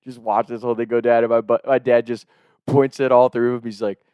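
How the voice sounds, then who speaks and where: A young man tells a story casually, talking quickly and breaking into laughter often. His voice is mid-pitched. The recording is dry and close. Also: clear, resonant tone, no room sound, highs cut off. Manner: animated, laughing, fast-talking.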